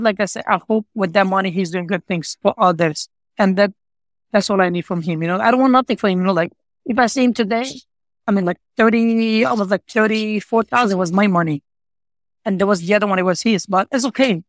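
A man's voice: high voice, fast talker, no echo. A man guest telling his personal story in earnest, non-native English with broken grammar, filling his talk with "you know, like" and repeating himself. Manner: earnest, repetitive, heartfelt. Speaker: interview guest, pizza shop owner.

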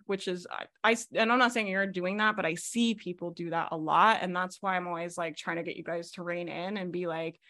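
Bright woman business coach on a zoom call, fast and animated, lots of likes and rights. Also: on the low side. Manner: fast, animated, filler-heavy coaching talk. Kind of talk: coaching on a recorded video call. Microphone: video call.

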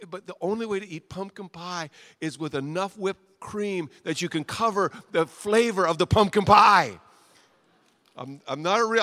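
High bright-voiced preaching man. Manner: animated preaching, swings from quiet to loud; repeats short phrases for emphasis. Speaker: pastor. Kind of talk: sermon.

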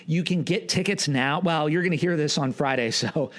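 Man, podcast host, casual chat, rambling, playful, slightly high pitch. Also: normal speed. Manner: rambling, self-correcting, playful.

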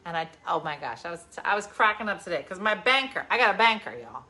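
A woman in her forties hosting a livestream, telling stories in a casual chat and swinging from loud bursts to hushed asides. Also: fairly low pitch, sing-song, fast. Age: 40s. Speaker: livestream host.

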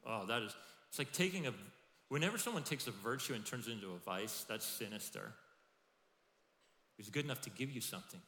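Animated pastor in an echoey hall. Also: male voice, medium pitch, fairly quick, pauses often. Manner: animated, acts out quoted voices. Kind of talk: sermon.

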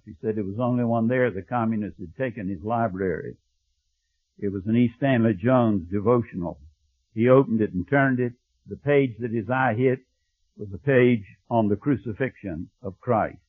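A man preaching a sermon, telling a story and dropping to a hushed, low voice when he quotes. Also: husky, dry recording. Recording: thin phone-like audio, dry.

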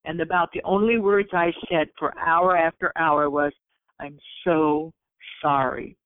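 A woman's voice: fairly low pitch, normal speed, dry recording. A woman telling a personal story in conversation, earnestly acting out what she and others said. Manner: earnest, acts out her own quotes. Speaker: guest. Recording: tinny phone line.

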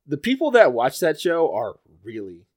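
A man hosting a podcast in casual chat, halting with fillers and laughing often. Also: fairly high pitch, huge pitch swings. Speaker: podcast host.

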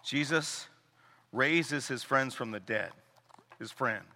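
Lively joking male pastor, echoing hall. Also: medium pitch, takes it slowly. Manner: animated and joking, acting out quoted people. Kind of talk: sermon. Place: church sanctuary. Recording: long hall reverb.

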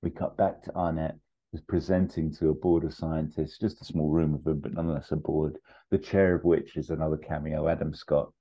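A male podcast host pitching a film in a loose, rambling way, full of fillers and restarts. His voice is very deep and dark. The recording is dull and lo-fi. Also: level tone, a little fast, breathy edge. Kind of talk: casual comedic pitch.

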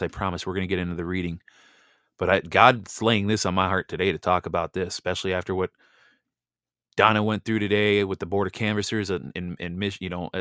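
A man's voice: lowish voice, fairly bright tone, dry recording. Blunt, heated man on a dry mic. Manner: heated, blunt, stumbles and repeats words when worked up. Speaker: host of a Bible reading show. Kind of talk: impassioned political monologue.

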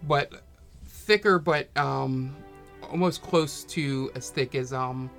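A man narrating as game master in a tabletop game, talking haltingly with many fillers. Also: medium pitch, gravelly, fairly bright tone, faint music behind.

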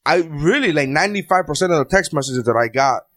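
A man's voice: fairly high pitch, animated, quick pace, a bit bright, no room sound. A man in casual chat, telling a story and acting out the quoted lines of each person. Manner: storytelling, acts out quoted dialogue.

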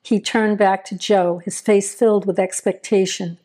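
A woman reading a crime story aloud as narrator in an even, measured way. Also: medium pitch.

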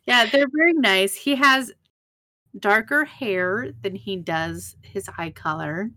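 A woman's voice: medium pitch, slow pace, pushed and bright. A woman co-hosting a casual show recap podcast, joking and swearing casually. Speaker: podcast co-host.

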